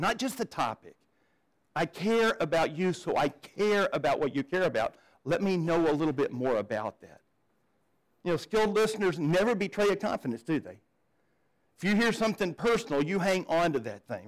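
A man's voice: high-pitched, rough recording. A man preaching a sermon as pastor, conversational, often repeating words as he starts a sentence and asking the congregation questions. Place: church.

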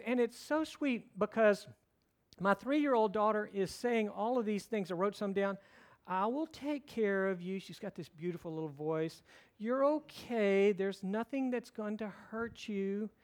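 A middle-aged male pastor preaching a sermon in a conversational style, telling stories and mixing in light humor. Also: sits high.

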